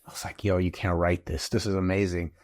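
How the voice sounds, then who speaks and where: A man, a father and guest on a podcast, telling a story in a casual, animated way and acting out what people said. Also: low voice, brisk. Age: adult father of school-age kids. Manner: animated, acts out quotes in the story.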